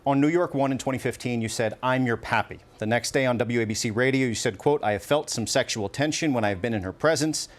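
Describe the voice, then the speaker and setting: A man's voice: mid-range voice, quick pace, hardly any pauses. A male news anchor moderating a live TV debate, firmly keeping the speakers on time. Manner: firm, keeps time, interrupts. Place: TV studio.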